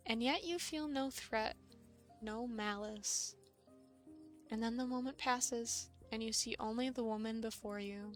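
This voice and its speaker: A woman streamer reading a visual novel aloud, with playful, amused asides between the lines. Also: a little high.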